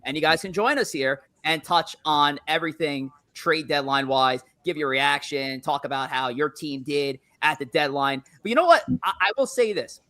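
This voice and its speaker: A man's voice: a little high, moderate pace, few pauses, sharp tone, no room sound. A man hosting a live sports stream, reading out news updates in an upbeat, chatty way. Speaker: stream host.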